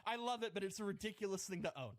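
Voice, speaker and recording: A man's voice: sits high, expressive, racing, no echo. A man on a podcast telling a self-mocking comic story, rambling and breaking into laughter. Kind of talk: casual comedic storytelling.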